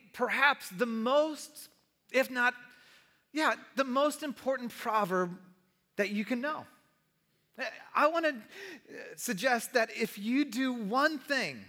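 A pastor preaching a sermon in a conversational way, often asking the congregation questions. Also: male voice, high voice, sharp tone. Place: church sanctuary. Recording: long reverb of a large hall.

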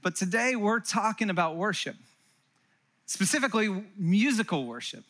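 A middle-aged man from California preaching to his congregation in a bright, high voice. He talks with animated energy and jokes, turning often to his listeners with quick asides. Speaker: pastor. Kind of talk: sermon. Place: church hall before a live congregation.

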